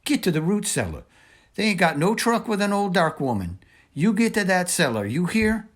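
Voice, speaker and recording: A man voicing a fierce, protective old woman who speaks in rough rural dialect in a storybook reading. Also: high-pitched, sing-song, moderate pace, voice pushed up. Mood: urgent. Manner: urgent, rustic dialect.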